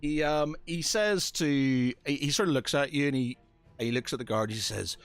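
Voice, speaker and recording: A man's voice: mid-range voice, moderate pace, clean tone, faint music behind. A man narrating as dungeon master in a tabletop game, hesitant and full of fillers.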